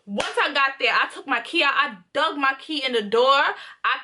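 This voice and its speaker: Young woman vlogger with a high, sharp voice, dramatically re-enacting a story with blunt slang. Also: normal speed. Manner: dramatic and emphatic, re-enacting scenes; swears freely in slangy talk. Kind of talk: casual storytime vlog.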